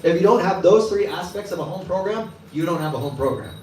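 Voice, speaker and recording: A man with a high voice speaks quickly, giving a relaxed sermon as a temple class speaker and performing the quoted voices of the people in his story with lively energy. The live temple hall sounds echoey from afar, with faint ambience and slight background noise.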